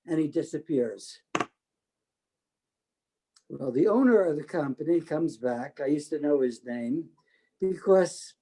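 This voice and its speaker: Older New storyteller, talkative, mellow tone, slightly high. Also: male voice, rough recording. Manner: talkative, animated quoting of others. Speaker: interviewee telling his life story. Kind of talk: storytelling oral history.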